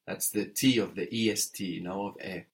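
A man's voice: low voice, fairly even intonation, normal speed. A man teaching French in an audio lesson, patient and methodical, prompting the learner and spelling words letter by letter.

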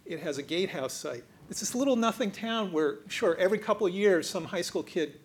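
A man answering a question on a public panel in a conversational way, with quick asides. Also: sits high, lively intonation. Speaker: panel speaker.

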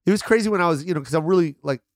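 A man spins lively stories as a podcast guest, swearing freely. His voice sits a bit high. The recording is dry and close. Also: rapid-fire, dry recording. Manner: animated storyteller, swearing freely. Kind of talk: casual podcast chat.

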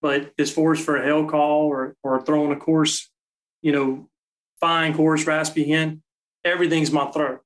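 A man's voice: a little high, flat delivery, normal speed, low-quality recording. Easygoing man explaining call technique. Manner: practical, explains step by step with fillers. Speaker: guest, call maker.

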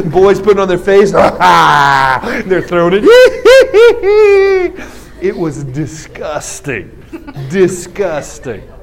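A man telling a funny story on stage, acting out voices and laughing along. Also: high voice. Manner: animated, acts out voices, laughs at own story. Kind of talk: stand-up storytelling.

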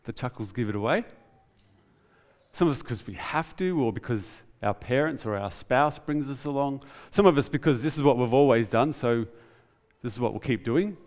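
Aussie guy preaching casually in a big echoey church, lively delivery. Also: mid-range voice, moderate pace. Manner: conversational, animated preaching. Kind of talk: sermon. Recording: reverberant church hall.

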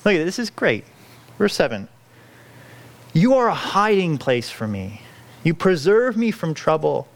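A man's voice: fairly high pitch, big pitch swings, a little slow, long pauses. A man preaching a sermon, earnest and pleading, often restarting his phrases as he works through a scripture passage. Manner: earnest, pleading, self-correcting with frequent restarts. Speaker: pastor.

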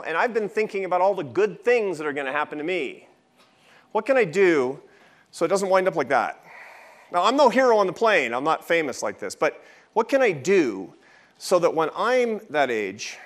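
A man in his fifties giving a lecture at a festival, telling a personal story with jokey asides. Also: fairly high pitch. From United States. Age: 50s.

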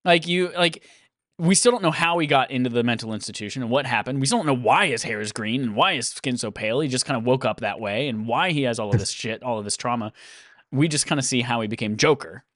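A man's voice: medium pitch, quick pace, fairly bright tone, dry recording. Chatty man on a dry recording. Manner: chatty, filler-heavy. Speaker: podcast co-host. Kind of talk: casual chat.

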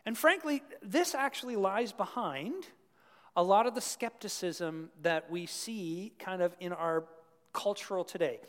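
Unhurried and fairly bright, a high-voiced Canadian-born pastor delivers a folksy, chatty sermon, quizzing the crowd as he goes. Long reverb from a large hall surrounds him.

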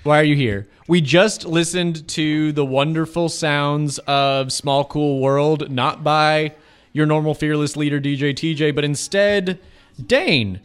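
A man's voice: on the high side, steady tone, measured pace, clear, resonant tone. A man co-hosting a community radio show, chatting playfully and speaking directly to listeners. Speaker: radio DJ co-host. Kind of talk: casual radio banter.

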